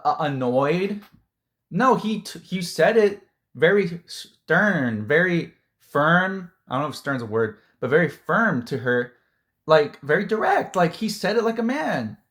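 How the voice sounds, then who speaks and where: A man ranting about a film in a loose, heated way, his voice sitting a little higher than most men's. He rambles, circles back on himself and leans on "like" and "dude" as he goes. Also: very animated, normal speed, fairly bright tone. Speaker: movie reviewer. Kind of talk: casual opinion rant.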